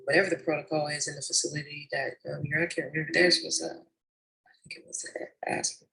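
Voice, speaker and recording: A woman's voice: deep voice, little pitch movement, quick pace, creaky, bright, forceful tone, low-quality recording. Blunt, matter-of-fact woman telling a work story. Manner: blunt, matter-of-fact, calls people honey and girl. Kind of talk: casual storytelling to camera.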